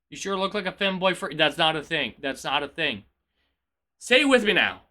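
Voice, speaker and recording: A man's voice: sits high, expressive, moderate pace, bright, forceful tone. A man streaming a game live and chatting with viewers, with playful, mock-indignant protests and stammering repetitions. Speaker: VTuber streamer. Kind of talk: live gaming stream chat.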